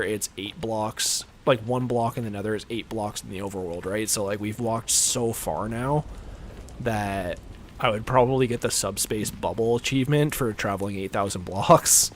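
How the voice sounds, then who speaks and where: A man with a deep, low-pitched voice talks through a gaming livestream in a loose, rambling way, full of fillers and little chuckles. The recording carries a clear bed of steady background noise. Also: moderate pace. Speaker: livestream gamer. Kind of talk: casual gameplay chat.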